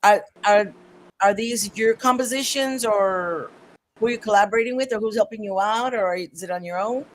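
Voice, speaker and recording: A woman's voice: mid-range voice, normal speed, a little hiss or hum, poor audio. A woman hosting a radio talk show, asking questions enthusiastically with many fillers and restarts. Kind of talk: casual radio interview.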